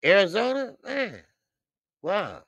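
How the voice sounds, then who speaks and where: A man's voice: sits high, very animated, slow, a bit bright, no room sound, dull audio. A man hosting a boxing livestream in loose, talkative chat, laughing often and repeating himself. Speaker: boxing channel host.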